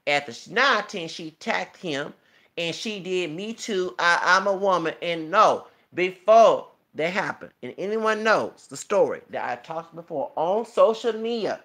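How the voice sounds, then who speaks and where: Man, vlogger, heated rant, profane, emotional, animated swings in pitch. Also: normal speed. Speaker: YouTuber. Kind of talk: ranting celebrity gossip commentary.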